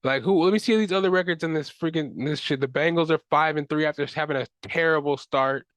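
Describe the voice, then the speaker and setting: A man's voice: a little high, fast talker, a bit bright, dry recording. A young man hosting a solo sports podcast, ranting in frustration with casual slang and profanity. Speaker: podcast host.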